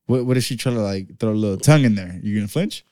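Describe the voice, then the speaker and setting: A man's voice: lowish voice, fast, dark tone, clear, resonant tone, dry recording, clean studio sound. Laid-back slangy young man. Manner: laid-back, slangy, says "eh" and "you know". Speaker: podcast co-host. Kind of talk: crude casual banter.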